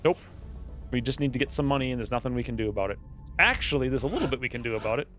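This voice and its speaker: A man doing casual gaming commentary, rambling and playful as he talks through his moves. His pitch is average. Soft music plays quietly behind him. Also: expressive, racing. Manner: rambling, playful, thinks aloud. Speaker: streamer.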